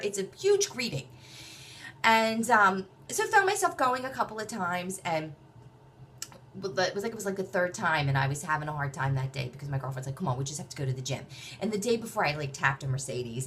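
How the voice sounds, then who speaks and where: A woman telling a personal story in a chatty, animated way, acting out other people's voices. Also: on the low side, slight background noise. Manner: chatty, many fillers and restarts.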